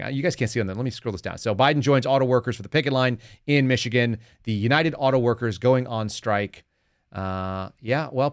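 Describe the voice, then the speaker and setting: A man's voice: lowish voice, smooth, no echo. A man hosting a casual political commentary podcast from a home studio, talking in a sarcastic, mocking way with wry asides. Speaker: podcast host.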